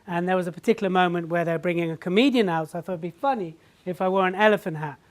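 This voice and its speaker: A woman giving an animated stage talk to a live audience. She tells stories, acts out people's reactions and keeps asking the audience questions. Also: on the low side, racing. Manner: animated storytelling, acting out reactions. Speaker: public speaker.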